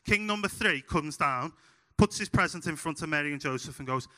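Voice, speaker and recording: A young man with a Scouse accent from Liverpool, preaching a sermon told through funny, animated stories. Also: on the high side, brisk. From Liverpool, England. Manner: humorous, animated anecdotes. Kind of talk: sermon with storytelling. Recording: hall reverb.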